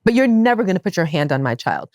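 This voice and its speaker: Animated woman host with a low voice. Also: fast talker, dry recording, clean studio sound. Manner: animated and emphatic, with wide swings in pitch. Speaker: podcast host. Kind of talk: casual podcast chat.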